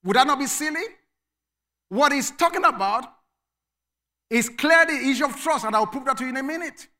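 Male pastor, sermon delivery, bright tense tone, emphatic swings to shouts. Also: extremely high pitch, lively intonation, normal speed. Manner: emphatic, swings from quiet asides to shouted commands.

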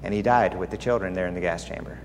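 A man with a low-pitched voice preaches quickly, earnest and confiding as he shares a personal story within his sermon. The recording has a little hiss or hum, long hall reverb, and faint ambience.

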